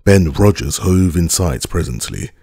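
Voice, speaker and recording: A man narrating a classic novel as an audiobook, with measured, expressive storytelling into a close studio mic. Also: deep voice, creaky, husky, dry recording. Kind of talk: scripted narration.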